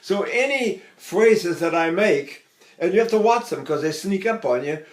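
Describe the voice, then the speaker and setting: A man's voice: high voice, animated, normal speed, reverberant. An older man teaching a singing lesson, explaining technique and singing short phrases to demonstrate. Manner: explains, then sings short phrases to show. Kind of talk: vocal lesson with sung demonstrations.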